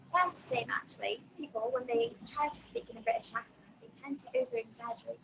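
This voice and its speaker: High-voiced chatty young woman. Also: sing-song, quick pace, creaky, hardly any pauses, dull audio, noisy background. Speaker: student. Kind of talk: casual vlog for a class.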